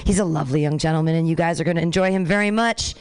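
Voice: medium pitch, rapid-fire, smooth. An open mic host on a radio station, introducing comedians with loose, offhand banter. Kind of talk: emcee introductions.

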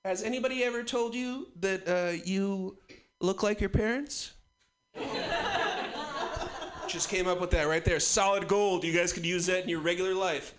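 High-voiced young man doing stand-up. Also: steady tone, normal speed, background noise. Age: 20s. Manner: profane, rambling, self-mocking. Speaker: stand-up comedian. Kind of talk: rambling stand-up routine.

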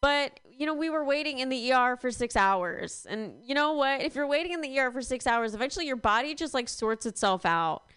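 Smooth-voiced young woman doing stand-up. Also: sits high, a little fast, hardly any pauses, no echo. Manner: deadpan, rambling with many fillers. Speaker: stand-up comedian. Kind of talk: stand-up comedy set.

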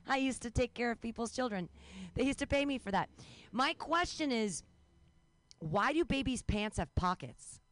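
A young woman doing a rambling, self-mocking stand-up set at an outdoor show, breaking into high-pitched mock panic. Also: lively intonation, moderate pace, dry recording. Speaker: stand-up comedian.

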